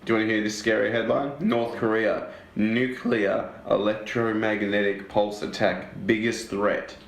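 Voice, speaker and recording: A man's voice: fairly low pitch, flat delivery, unhurried, roomy sound. A young Australian man co-hosting a casual podcast chat, joking and crude, fond of doing impressions. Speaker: podcast co-host.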